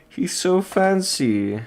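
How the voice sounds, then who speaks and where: A man drawing and chatting playfully, laughing often and slipping into silly posh voices. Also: fairly high pitch. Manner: giggly, jumps into silly fancy voices. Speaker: artist drawing on stream. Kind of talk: playful commentary while drawing.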